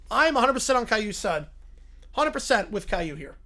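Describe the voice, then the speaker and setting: A male streamer chats on a live reaction stream. His pitch swings widely as he goes from goofy bits to dry, deadpan asides. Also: brisk. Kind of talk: livestream reaction chat.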